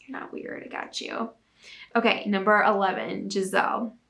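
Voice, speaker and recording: A woman's voice: medium pitch, fairly even intonation, moderate pace, gravelly, fairly bright tone. A young woman hosting a casual talk segment, bubbly and chatty with lots of filler words. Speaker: host reading viewer submissions. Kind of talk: casual chat and reading aloud.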